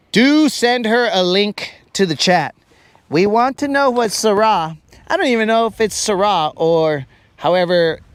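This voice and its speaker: A man hosting a live fishing stream, rambling and teasing his viewers in casual chat. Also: fairly high pitch. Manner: rambling, teasing, talks to viewers as bro and guys. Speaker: fishing livestream host.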